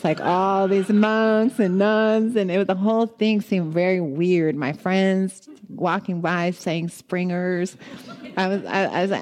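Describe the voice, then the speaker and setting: A woman giving a dharma talk, telling a personal story in an animated way and acting out her own thoughts with laughter. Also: medium pitch, unhurried. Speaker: meditation teacher.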